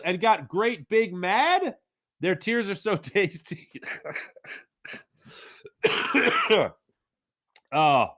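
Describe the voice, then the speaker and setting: Here the same kind of host sounds fairly high and fairly bright as he goes through comments from viewers during a casual live sports show. He rants in a playful, opinionated way, filling gaps with plenty of ums and uhs.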